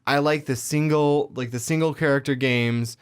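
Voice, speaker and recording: A man's voice: medium pitch, fairly even intonation, moderate pace, clean tone. A young man co-hosting a casual gaming podcast, laid-back and a little hesitant. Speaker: podcast co-host. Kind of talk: casual chat.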